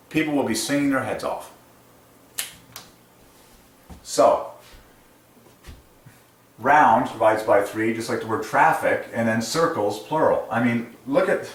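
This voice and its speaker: A man hosting his channel, ranting enthusiastically in a casual monologue and laughing often. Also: mid-range voice. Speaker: channel host. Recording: roomy echo, distant from mic, faint noise.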